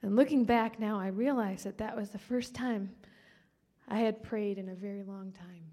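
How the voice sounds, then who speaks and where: A woman sharing a personal testimony. She speaks earnestly and often drops to a hushed whisper. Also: medium pitch, moderate pace, big-room sound.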